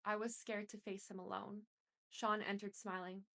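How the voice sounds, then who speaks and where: Woman reading a dramatic story out loud, intense and emotional, middle pitch. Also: flat delivery, moderate pace, vocal fry. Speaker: reader. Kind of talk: dramatic first-person book reading.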